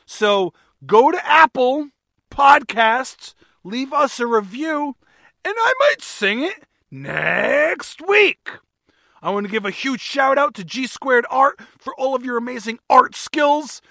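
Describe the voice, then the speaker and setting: A man's voice: very high voice, measured pace, pushed and bright, no room sound, clean studio sound. A man hosting a podcast on his own, upbeat and jokey with a self-mocking streak. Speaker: podcast host. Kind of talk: solo podcast chat.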